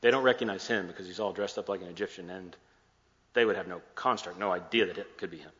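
With a deep, fairly bright voice and a fast delivery, this pastor recounts a scripture story in sermon form, playing out the dialogue and tossing in jokes along the way. The sound is muffled and echoes like a hall.

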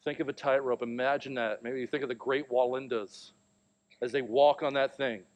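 A man's voice: medium pitch, moderate pace. A man in his thirties preaching a sermon, telling a family story and acting out the voices in it. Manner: storytelling, animated, acts out quotes. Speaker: pastor.

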